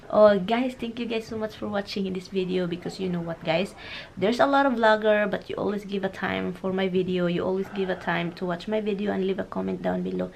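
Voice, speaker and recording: A woman's voice: fairly low pitch, creaky, a little hiss or hum. A woman from the Philippines with a Filipino accent, chatting giggly and casually to her viewers as a vlogger. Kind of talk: casual chat.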